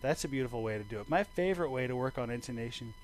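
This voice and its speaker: A man teaching a bass lesson over a video call, relaxed and rambling, thinking aloud with fillers. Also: rapid-fire, poor audio. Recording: bass guitar playing behind him.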